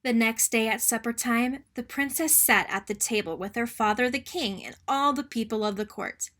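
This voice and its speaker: A woman reading a children's picture book aloud in an expressive, sing-song storytelling manner. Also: fairly high pitch, moderate pace.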